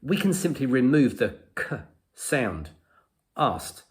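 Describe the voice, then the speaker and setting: A man teaching English pronunciation in a patient lesson, saying example sounds slowly and repeating them. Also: mid-range voice, animated, a bit bright. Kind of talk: slow explanatory lesson to camera.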